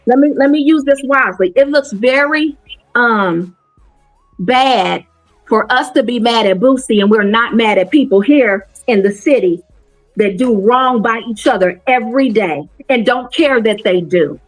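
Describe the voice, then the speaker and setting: A woman's voice: fairly high pitch, animated, measured pace, soft background music. A woman co-hosting a casual talk show, speaking earnestly and preachily about her community. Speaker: podcast co-host. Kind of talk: casual chat.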